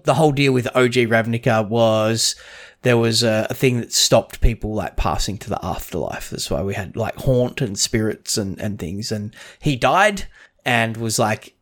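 A man co-hosting a podcast in casual chat, rambling with frequent restarts and tangents. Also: fairly low pitch. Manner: rambling, restarts a lot, chatty with lore tangents. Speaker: podcast co-host.

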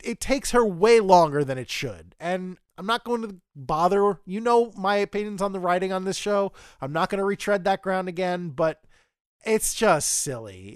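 A man's voice: high-pitched, clean tone, no room sound, clean studio sound. A man co-hosting a casual podcast, retelling an episode at length in an opinionated, critical way. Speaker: podcast co-host.

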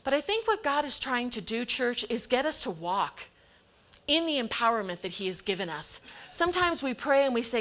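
A woman preaches to her church with a high, bright voice. She is emphatic and keeps acting out the voices of God and of anxious believers. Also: sing-song, fairly quick. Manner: emphatic, acts out quoted voices of God and people. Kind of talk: sermon.

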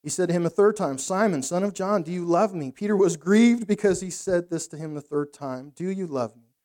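A middle-aged man preaching a sermon in a conversational, animated storytelling way, with laughs. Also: high voice, fairly quick. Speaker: pastor.

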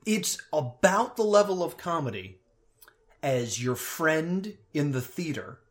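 A podcast co-host chatting casually, ranting in an exasperated, animated way and laughing between points. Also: medium pitch, takes it slowly. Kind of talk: casual chat.

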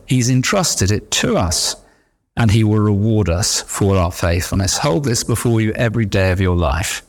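A man's voice: on the low side, expressive, moderate pace. A middle-aged man preaching a sermon, emphatic, with repeated refrains. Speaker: pastor.

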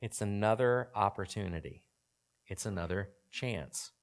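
A man's voice: lowish voice, measured pace. A man in his forties preaching a sermon in a conversational way, often asking the audience questions. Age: 40s. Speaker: pastor.

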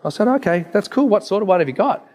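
A man's voice: sits high, animated, fast talker, a little mellow. A man, a naturopath giving an emphatic, story-filled presentation with slides.

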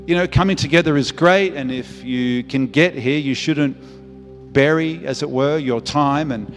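A man's voice: a little high, measured pace, big-room sound, faint music behind. A man in his fifties, a pastor preaching a sermon, earnest and repeating phrases for emphasis. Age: 50s.

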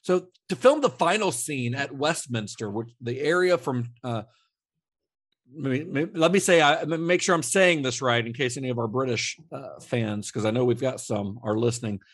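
Here a male podcast co-host talks at normal speed in a mid-range voice, on a dry, studio-quality recording. His casual film-trivia chat is relaxed and meandering, with frequent fillers and restarts.

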